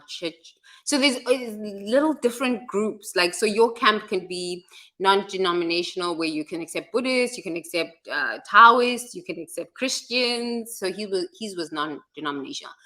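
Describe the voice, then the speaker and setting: A woman tells stories in candid, casual conversation. Her tone is bright and forceful, with an easy laugh running through her talk. She speaks frankly and drops the odd swear word without hesitation. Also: fairly low pitch. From South Africa. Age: adult. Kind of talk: candid storytelling chat.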